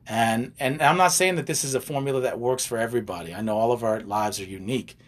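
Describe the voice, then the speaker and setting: Talking fast in a mid-range voice, this older relationship coach chats casually, spinning stories full of asides and jokes. He's animated and keeps wandering off into tangents and gags.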